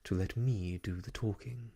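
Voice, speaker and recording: A woman's voice: a bass voice, moderate pace, warm tone, breathy edge, no echo, exaggerated voice. A man voicing a stern, cross nanny, whispered. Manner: stern, clipped. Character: strict, cross young nanny. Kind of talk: whispered role-play.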